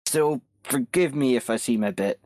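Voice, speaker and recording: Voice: medium pitch, moderate pace, darkish tone, a little hiss or hum. A player in an online tabletop game, talking hesitantly and stammering in character. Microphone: voice chat microphone.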